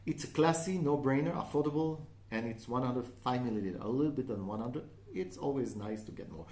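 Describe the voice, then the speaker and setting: A man's voice: medium pitch, animated, fast, few pauses, darkish tone, echoey room. A man with a French accent, a native French speaker, chatting casually in a perfume review and often checking in with "okay?". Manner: chatty, frequent "okay?" and "uh" fillers.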